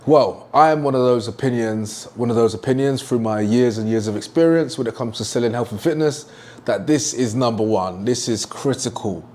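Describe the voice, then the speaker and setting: A man's voice: medium pitch, moderate pace, darkish tone, slight background noise. A young man teaching a sales lesson at a whiteboard, emphatic and repeating his key points. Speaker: sales trainer.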